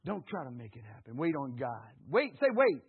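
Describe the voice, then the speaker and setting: A man preaching a fervent sermon, rising to shouts and dropping low, calling on his congregation to repeat after him, his throat slightly hoarse. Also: very animated, normal speed, phone-quality sound.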